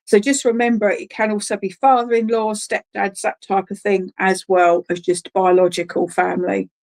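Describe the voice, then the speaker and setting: A woman giving clairvoyant readings at an online church service, speaking gently and hesitantly with many pauses and restarts, calling listeners darling. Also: medium pitch, level tone, gravelly. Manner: hesitant and searching, full of ums and restarts. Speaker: spiritualist medium.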